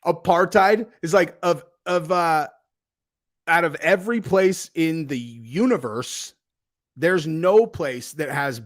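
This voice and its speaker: Man, livestream host, rambling casual chat, fillers, fairly high voice, loud then quiet swings. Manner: rambling, loose, frequent "dude" and fillers; animated swings in loudness.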